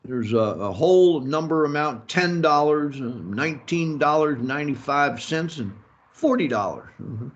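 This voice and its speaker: A man teaching a business English lecture, slow and halting, filling pauses with "mm-hmm" and "okay" and adding opinionated asides. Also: a little high, animated, lo-fi sound. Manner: slow, halting, many fillers and self-talk like "mm-hmm" and "okay". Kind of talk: recorded lecture.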